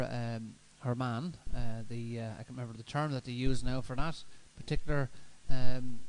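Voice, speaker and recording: A man hosting a radio show, talking in a relaxed, rambling way with many fillers. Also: mid-range voice, smooth, low-quality recording. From Ireland. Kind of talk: casual chat.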